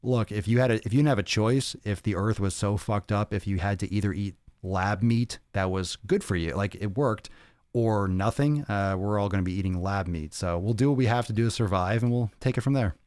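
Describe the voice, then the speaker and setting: Speaking a little fast in a fairly low, darkish-toned voice, this man hosts a fitness podcast livestream. He's jokey and profane, reading out comments, responding to them, and making crude jokes in a loose, casual chat. The studio-quality audio has no room sound.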